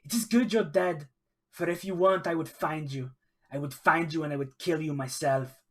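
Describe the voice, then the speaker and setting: A man's voice: a little high, moderate pace, a bit bright. A man voicing an angry woman sailor, cursing and swearing revenge in a tabletop game. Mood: vengeful. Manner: vengeful cursing. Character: grieving furious woman sailor.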